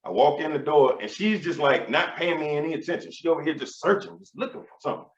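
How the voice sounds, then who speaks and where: A man in his thirties doing a stand-up routine, telling stories in an animated, profane, swaggering way. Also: on the high side, quick pace, a little hiss or hum. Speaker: stand-up comedian. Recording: roomy, dull sound.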